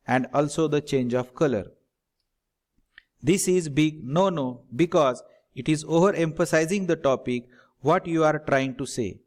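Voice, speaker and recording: A middle-aged man delivers a recorded slide lecture. His voice sits a little higher than most men's, and he talks directly to viewers with a steady, instructive manner. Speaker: teacher trainer.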